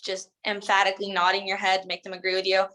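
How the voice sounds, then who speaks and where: Bright, chatty woman sales trainer. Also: medium pitch, monotone, quick pace, low-quality recording. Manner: chatty, full of "like" and "um", acts out sales lines. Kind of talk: casual instructional talk.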